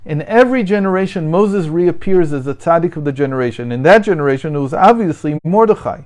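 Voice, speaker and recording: A middle-aged man teaching a daily Torah study lesson, thoughtful and hesitant, with many fillers and slow readings of sources. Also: a little high, animated, darkish tone.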